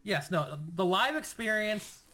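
Halting man in casual chat. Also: sits high, lively intonation, bright, forceful tone. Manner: halting, restarts often. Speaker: podcast co-host.

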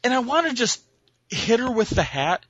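Lively, profane ranting man. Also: very high-pitched, normal speed, breathy edge, dry recording, dull audio. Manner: profane, exasperated, acts out voices in his stories. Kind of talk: casual chat, ranting storytelling.

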